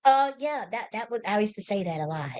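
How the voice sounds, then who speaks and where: Woman, from the United States, livestream host, blunt, profane, impassioned, rambling, mid pitch. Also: animated, brisk. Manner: rambling with many restarts. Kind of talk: unscripted livestream monologue.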